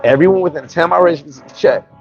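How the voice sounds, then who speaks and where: A man's voice: fairly high pitch, racing, dull audio, faint music behind. A man from New York telling brash, profane stories in a casual storytelling monologue as a vlogger.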